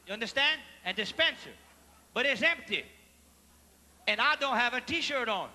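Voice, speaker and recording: A man with a Cajun accent telling comic stories on stage, animated and mixing in French phrases as he asks the audience questions. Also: very high voice, normal speed, slight background noise. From Louisiana. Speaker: stand-up comedian. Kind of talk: live stand-up storytelling. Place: large theater stage before a live audience. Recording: live theater recording with hall reverb and faint ambience.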